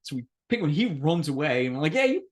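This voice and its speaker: A man's voice: a little high, lively intonation, fast. Podcast guy telling a story, swearing and laughing, voice jumps all over the place. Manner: profane, laughing, acts out the voices in his story. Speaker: podcast co-host. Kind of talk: casual anecdote storytelling.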